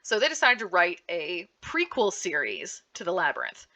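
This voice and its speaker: A woman gives an upbeat panel talk recommending comics and manga. Her voice is bright and forward. She talks in a lively, animated way, often restarting her sentences. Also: lowish voice, moderate pace. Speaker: librarian giving a book panel. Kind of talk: enthusiastic book recommendation talk.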